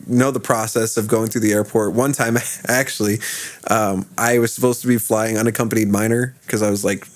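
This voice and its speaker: A man hosting a podcast, chatting casually and telling a relaxed story with easy laughs. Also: lowish voice, fairly quick. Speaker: podcast host.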